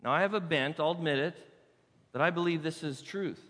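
A man preaching a sermon to his congregation on a handheld microphone, emphatic, often dropping to soft, quiet asides. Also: fairly high pitch, fairly quick. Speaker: pastor. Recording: reverberant church hall.

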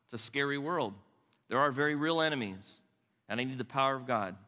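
Older man, pastor, sermon; bright, forceful delivery with chatty restarts; big reverberant church hall. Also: medium pitch. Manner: conversational, restarts words, dips soft and slow for emphasis. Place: church sanctuary.

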